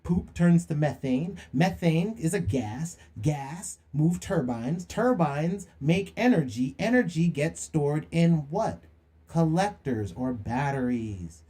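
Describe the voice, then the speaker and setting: A man's voice: on the high side, expressive, slow, dark tone. A young man hosting a livestream monologue, preachy and slangy, firing rhetorical questions and calling people out. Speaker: livestream host.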